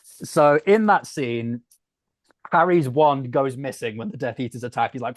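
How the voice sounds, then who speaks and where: A man's voice: mid-range voice, unhurried, no echo, studio quality. A man co-hosting a casual podcast chat, patiently recapping a story. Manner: explanatory, patient. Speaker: podcast co-host.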